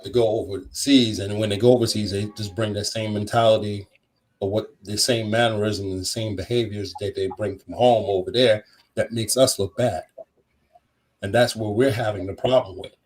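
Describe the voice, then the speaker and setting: A man's voice: on the low side, fairly even intonation, moderate pace, a little hiss or hum, poor audio. A man in a live-stream discussion, speaking earnestly about respect and morals.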